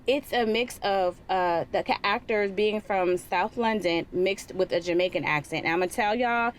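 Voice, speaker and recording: A woman's voice: mid-range voice, normal speed, slight background noise. A young woman from California co-hosting a podcast, chatting casually with lots of fillers. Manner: chatty, many fillers, laughs. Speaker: podcast co-host. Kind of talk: casual chat.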